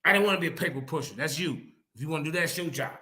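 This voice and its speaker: Angry high-voiced man ranting. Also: very fast, sharp tone. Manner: angry, confrontational, profane; repetitive, emphatic call-outs. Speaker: debate panelist. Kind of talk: heated online panel argument.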